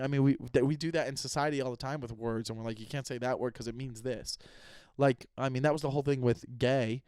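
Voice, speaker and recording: A man's voice: medium pitch, brisk, darkish tone, clean tone, no echo, studio quality. A young man hosting his own podcast, rambling casually with self-mocking humor and frequent cursing. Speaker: podcast host and comedian. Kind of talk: casual solo podcast monologue.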